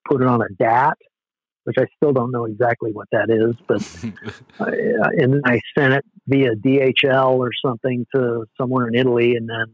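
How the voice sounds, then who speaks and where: A man's voice: mid-range voice, no echo, narrow, tinny audio. A man, a former hardcore band musician, telling rambling, self-deprecating stories in a casual interview, with many "you know"s.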